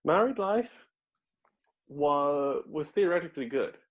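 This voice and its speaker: A man's voice: on the high side, animated, takes it slowly. A man guesting on a history podcast, telling a story in a loose, rambling way, with lots of hesitations and restarts. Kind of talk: casual conversational history chat.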